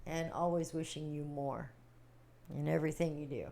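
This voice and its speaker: A woman hosting a casual livestream, chatting warmly with viewers, reading their comments and laughing often. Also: deep voice, steady tone, normal speed, creaky. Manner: chatty, giggly, reading chat aloud. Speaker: livestream host.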